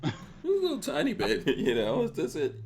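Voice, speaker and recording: A man's voice: sits high, wildly swooping pitch, fairly quick, creaky, darkish tone, slight background noise. A middle-aged man hosting a casual podcast chat, laughing often and mimicking people as he tells stories. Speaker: podcast host.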